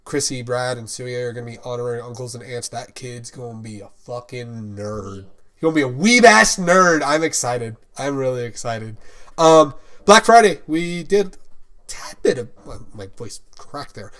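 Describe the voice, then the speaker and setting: A man's voice: medium pitch, lively intonation, normal speed, a bit bright. A young man co-hosting a casual podcast chat, rambling and upbeat, swearing casually as he talks. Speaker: podcast co-host.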